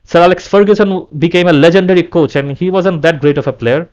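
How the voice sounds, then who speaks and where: A man's voice: sits high, fairly even intonation, brisk, darkish tone, dull audio. A man vlogging an angry, repetitive fan rant, often restarting his sentences.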